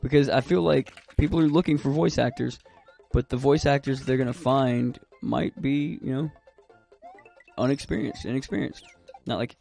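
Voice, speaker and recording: Gravelly-voiced man rambling on a game stream. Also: mid-range voice, moderate pace, dark tone, faint music behind. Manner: rambling, swears freely. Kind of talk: casual gaming stream chat.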